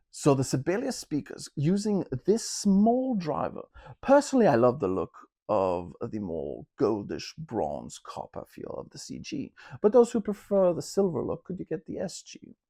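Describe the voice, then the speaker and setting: A man talking casually to camera from his home listening room, reviewing speakers with chatty joking asides and drawn-out emphasis. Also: on the high side, huge pitch swings, creaky, warm tone.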